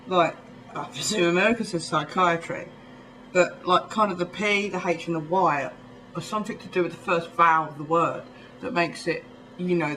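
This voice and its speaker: A man's voice: sits high, sharp tone, slight background noise, rough recording. Chatty young man with a southern English accent. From England, near London. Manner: rambling, chatty, full of ums and little laughs. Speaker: vlogger. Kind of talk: casual chat to camera.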